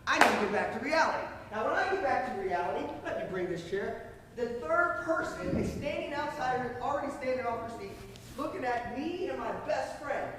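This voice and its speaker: A young man in his twenties telling a story to an audience, excitable and animated, acting out scenes with shouts and sound effects. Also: very high voice, brisk. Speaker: motivational speaker. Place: large hall. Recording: echoey hall from far off, noisy.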